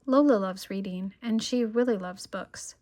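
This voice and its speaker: A woman gently reading a children's picture book aloud, expressive and calm. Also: mid-range voice, unhurried. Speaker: children's story reader.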